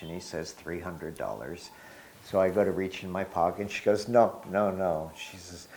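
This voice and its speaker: A man in his sixties telling a personal spiritual story in an unhurried, reflective way, with soft laughs. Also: low-pitched, slight background noise.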